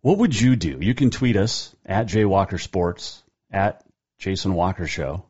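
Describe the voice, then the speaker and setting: A man's voice: sits low, expressive, measured pace, a little mellow, breathy edge. A man hosting his own radio show, talking casually in a rambling, folksy way and reading sponsor plugs. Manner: rambling, folksy, self-correcting. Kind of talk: casual radio talk with ad reads. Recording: dull lo-fi sound.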